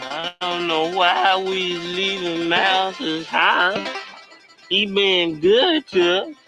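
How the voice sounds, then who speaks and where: A man playing a bewildered, rambling figure in a comedy skit, talking in a slow, unsure way. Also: high-pitched, over music. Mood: puzzled.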